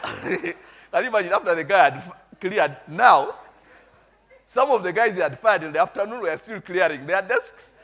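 A man's voice: high-pitched, lively intonation, moderate pace, a bit bright. A middle-aged man, preaching a storytelling sermon and checking in with his congregation. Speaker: pastor.

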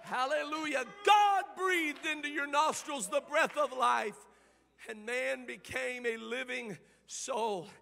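A man delivers a fervent sermon in a strikingly high, bright voice. He moves from low, quiet talk to ringing shouts and half-sung cries, and the sound carries a long reverb as in a large hall. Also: takes it slowly, gravelly. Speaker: preacher.

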